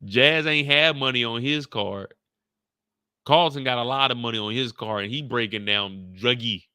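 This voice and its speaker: A man's voice: mid-range voice, normal speed, bright, forceful tone, smooth, dry recording, clean studio sound. Slangy, joking man recapping a show. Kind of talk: casual reaction commentary.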